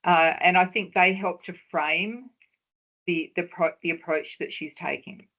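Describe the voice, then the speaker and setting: Woman giving a measured webinar lecture. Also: on the low side, muffled recording. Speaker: webinar presenter on research talks.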